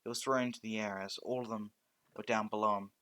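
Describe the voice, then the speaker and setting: A man narrating a fan story off the cuff, halting often with restarts and stumbles. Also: on the low side, fairly even intonation, a bit bright, clean tone.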